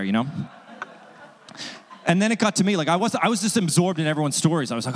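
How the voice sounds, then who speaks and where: A man telling a comic story on stage as host, acting out quoted people with sudden jumps in pitch. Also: animated, moderate pace. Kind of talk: stand-up storytelling. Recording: long hall reverb.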